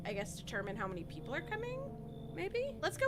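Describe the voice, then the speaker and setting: A woman giving gameplay commentary as a streamer, animated, swearing and thinking out loud. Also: mid-range voice, brisk, faint music behind. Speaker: gaming streamer.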